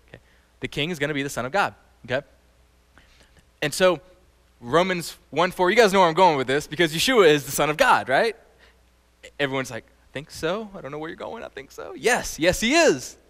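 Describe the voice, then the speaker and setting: A man giving an animated, conversational sermon as a teacher, often quizzing his audience. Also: a little high, fairly quick, pauses often. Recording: long hall reverb.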